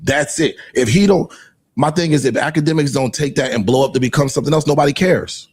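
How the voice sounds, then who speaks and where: A man on a podcast panel, calmly reasoning through his view. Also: fairly high pitch, breathy edge. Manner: measured, reasoning, agreeing hums. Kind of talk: podcast debate.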